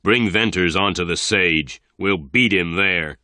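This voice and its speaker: A man voicing a tall, dark, menacing rancher who threatens and shouts. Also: deep voice, unhurried, no echo, full character voice.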